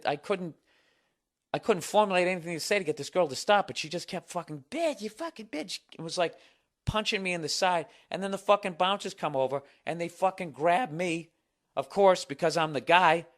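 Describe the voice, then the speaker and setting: A middle-aged man hosting a solo podcast, telling a story in a profane, sarcastic, animated rant. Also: sits high, a little fast. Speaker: podcast host.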